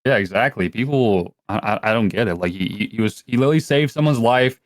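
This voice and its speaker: A man's voice: medium pitch, lively intonation, fast, no echo, clean studio sound. A young adult man talking as a podcast guest in a rambling, profane way, full of filler words. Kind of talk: casual podcast chat.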